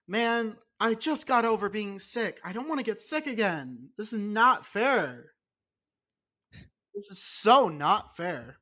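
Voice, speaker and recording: A man's voice: sits high, fairly bright tone. A congested man co-hosting a podcast in casual chat, ranting and swearing with mock indignation. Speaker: podcast co-host.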